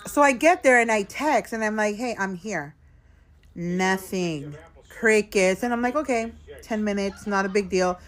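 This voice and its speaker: Her voice is on the high side and moderately paced as she vents, a little tipsy, to her viewers from a hotel room. The casual storytime vlog is chatty, and she keeps calling them girl and y'all.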